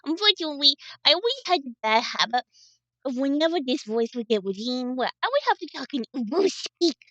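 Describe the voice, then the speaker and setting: A woman putting on a high, bouncy, chirpy voice of a young woman while chatting on a live stream. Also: very animated, a little fast, pushed and bright, no echo, dull audio, full character voice. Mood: playful. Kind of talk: casual live-stream chat.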